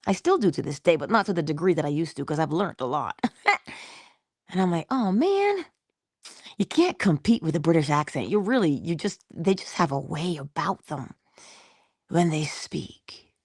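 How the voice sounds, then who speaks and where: A woman giving a casual motivational talk, expressive, dropping into whispers and laughing often. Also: low-pitched, normal speed, no echo, clean studio sound. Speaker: motivational vlogger.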